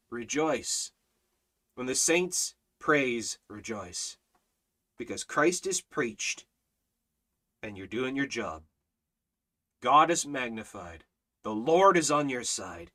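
A man leading a Bible study, preaching emphatically with repeated exhortations and swings between loud and quiet. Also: medium pitch, measured pace. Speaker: Bible teacher.

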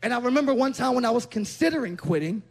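High-voiced preacher guy, raspy fry in it, goes from quiet story to yelling. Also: lively intonation, fast. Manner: impassioned, builds to loud shouting; drops to quiet, low-key storytelling. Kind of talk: sermon.

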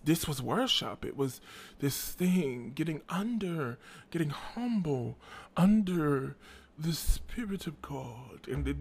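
A man hosting a podcast, telling stories in a chatty, animated way with playful asides, tired and yawning. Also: fairly high pitch. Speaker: podcast host. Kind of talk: casual chat.

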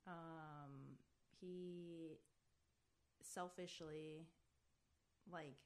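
A young woman chatting as a podcast guest. Her voice sits a little low, and she talks in a loose, rambling way full of fillers. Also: fairly even intonation, very slow. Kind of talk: casual chat.

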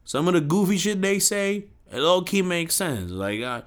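A man's voice: sits high, sing-song, normal speed, clean tone. A young man casually retelling a film in a rant, swearing often, using slang and mimicking the people in it.

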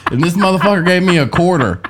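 A man's voice: high-pitched, expressive, fast talker. Profane young man joking around. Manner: profane, laughing, joking banter. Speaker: podcast co-host. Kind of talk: casual chat.

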